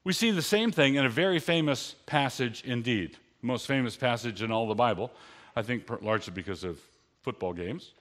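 A man's voice: mid-range voice, expressive, brisk, fairly bright tone. A man preaching a sermon in an earnest, conversational way, lifting his voice on key lines.

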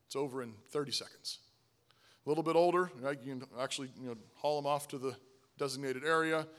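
A man preaching a sermon, emphatic, often asking "Right?", swinging from loud stresses to low, quiet asides. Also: steady tone, a little fast. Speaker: pastor.

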